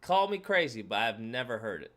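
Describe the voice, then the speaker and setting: A man hosting a livestream, reacting to clips in casual, animated commentary and repeating his phrases. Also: mid-range voice, a little fast.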